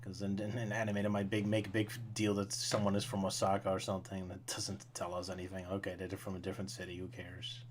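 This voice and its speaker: Wry man trailing off quietly. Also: sits low, completely flat delivery, fast, few pauses, slight background noise. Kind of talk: casual podcast chat.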